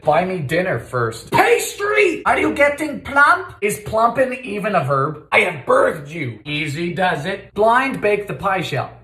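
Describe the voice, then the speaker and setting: High-voiced guy cracking deadpan jokes while he cooks, voice swings all over, echoey kitchen. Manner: theatrical, quick deadpan quips. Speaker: cooking video host. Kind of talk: comedic cooking commentary. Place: home kitchen.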